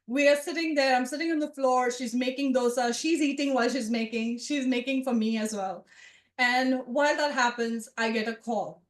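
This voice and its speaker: A woman around forty telling a personal story to a live audience, conversational and animated, with asides to the listeners. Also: sits high, moderate pace, roomy sound. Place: event room with a live audience.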